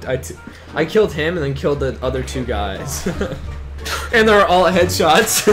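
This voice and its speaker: A young man hosting a casual gameplay video, excitable and swearing, with panicky outbursts. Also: a little high. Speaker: gaming video host.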